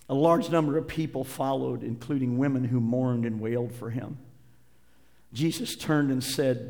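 A man preaching a sermon, moving between loud, impassioned passages and quiet, hushed readings of scripture. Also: medium pitch, vocal fry, long reverb tail. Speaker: pastor.

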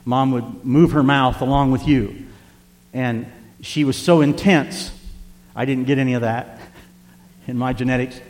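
Older man, church pastor, heartfelt storytelling sermon, mid pitch, long church reverb. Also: fairly even intonation, measured pace, a little mellow. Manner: storytelling, tender and earnest, addressing the congregation. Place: church sanctuary.

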